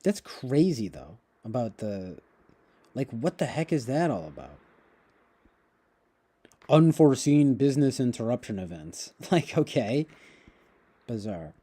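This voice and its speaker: A man hosting a casual livestream, responding to chat in a rambling, halting way with many restarts and occasional chuckles. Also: medium pitch, very animated, warm tone, breathy edge. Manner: chuckles often while talking. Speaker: livestream host reading chat.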